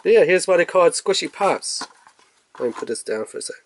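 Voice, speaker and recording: A man casually reviewing and unboxing a toy, chatty and rambling, with bursts of excitement. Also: high voice, a little fast, a little hiss or hum. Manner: chatty, rambling with fillers, excitable when revealing toys.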